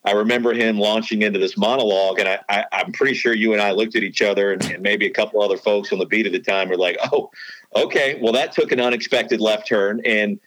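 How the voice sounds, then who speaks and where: A man's voice: on the low side, flat delivery, quick pace, few pauses, a bit bright, rough recording. A man who works as a sports announcer and former beat reporter, telling stories in a rambling way with many restarts. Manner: rambling, full of restarts and fillers. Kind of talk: storytelling podcast chat.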